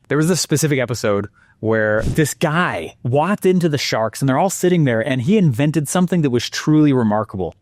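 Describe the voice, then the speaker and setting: A man presenting a marketing lesson with energetic, animated storytelling and exclamations. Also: mid-range voice, no room sound, clean studio sound.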